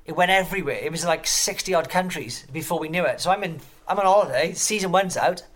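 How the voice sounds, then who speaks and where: A man telling stories as an interview guest, rambling and excitable, swearing constantly. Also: fairly high pitch, fast talker. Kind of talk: casual storytelling interview.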